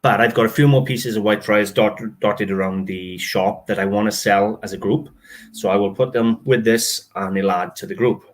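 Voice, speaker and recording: Here the same kind of casual video features a man with a fairly low voice, even intonation, and a moderate pace. As an antiques dealer and host, he talks through his antique finds with frequent laughter and admits he struggles to read dialect.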